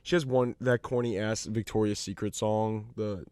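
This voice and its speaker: A man's voice: fairly low pitch, fairly even intonation, moderate pace, a little mellow, clear, resonant tone, dry recording. A man co-hosting a casual podcast, telling chatty anecdotes and laughing often. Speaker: podcast co-host. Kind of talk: casual chat.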